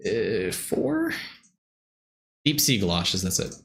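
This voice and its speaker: A young American man streaming a game, rambling and thinking aloud in a halting way. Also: on the low side, huge pitch swings, gravelly, a bit bright, husky. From United States. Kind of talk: casual gameplay commentary.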